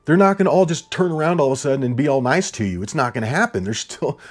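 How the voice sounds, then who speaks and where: A man giving heated political commentary on his channel, yelling, blunt and profane, repeating himself as he rants. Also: on the high side, expressive, fast, faint music behind.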